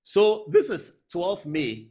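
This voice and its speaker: Addressing viewers directly, a male TV host with a Ghanaian accent delivers emphatic, exasperated political commentary, weaving Twi phrases into his English. His voice is high and husky, and he speaks slowly.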